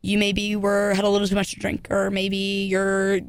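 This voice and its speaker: A woman's voice: mid-range voice, monotone, moderate pace, no room sound, studio quality. A young woman in her twenties hosting a casual podcast, rambling with many fillers and restarts. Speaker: podcast host.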